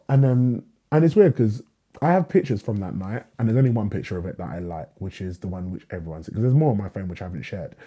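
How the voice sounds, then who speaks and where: A young man, telling a lively story in a casual podcast conversation, acting out dialogue and swearing freely. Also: fairly low pitch, husky. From England. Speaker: guest, writer.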